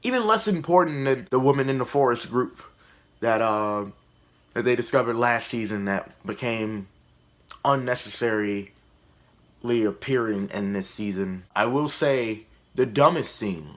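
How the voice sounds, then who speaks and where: A man's voice: mid-range voice, unhurried. A man doing a casual comedy review vlog about a TV show, blunt, profane and sarcastic.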